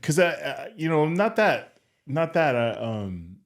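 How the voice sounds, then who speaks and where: A man's voice: fairly high pitch, big pitch swings, a little slow. A middle-aged man co-hosting a podcast, talking casually with hesitant restarts and chiming in with short agreements. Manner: interjects short agreements, hesitant, laughs often. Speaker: podcast co-host. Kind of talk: casual chat.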